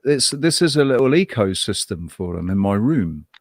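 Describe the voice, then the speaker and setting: A man's voice: on the low side, big pitch swings, moderate pace, no room sound, studio quality. Rambling, swearing man. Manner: rambling, profane storytelling with many restarts. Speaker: co-host. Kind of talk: casual chat.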